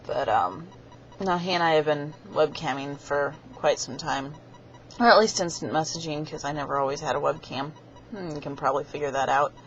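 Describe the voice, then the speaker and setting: A woman's voice: sits low, moderate pace, a little hiss or hum. A young woman vlogging, telling a rambling story to her webcam and acting out the voices of the people in it. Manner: chatty, rambling, acts out quoted voices. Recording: dull lo-fi webcam audio.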